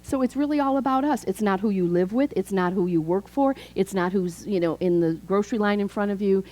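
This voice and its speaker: A woman in her fifties, a minister, preaching a chatty, animated sermon in a church. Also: mid-range voice, fairly quick, low-quality recording. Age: 50s. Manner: animated, chatty, acts out quoted voices. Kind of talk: conversational sermon.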